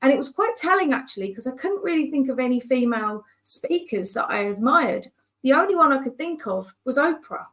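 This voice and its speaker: A woman business coach telling stories in a conversational way, animated and acting out the voices of people she quotes. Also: high-pitched, fairly quick. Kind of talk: conversational storytelling.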